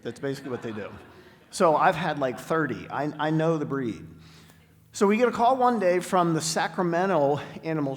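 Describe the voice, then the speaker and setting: Man telling a story in a reverberant hall. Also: a little high. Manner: storytelling, dramatic pauses, slows down for emphasis. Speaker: guest speaker. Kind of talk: inspirational talk. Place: large spiritual center hall.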